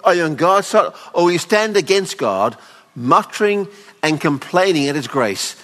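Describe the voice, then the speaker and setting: Expressive male preacher in a reverberant hall. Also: on the high side, normal speed. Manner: expressive, voices the father pleading tenderly. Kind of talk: sermon. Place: hall at a weekend away.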